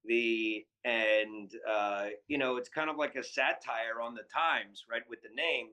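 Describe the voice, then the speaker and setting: Man in his 50s, bright and clear tone, mid-pitched, rambling podcast storyteller. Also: steady tone, measured pace, low-quality recording. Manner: rambling, many fillers and restarts. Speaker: guest, spirits entrepreneur.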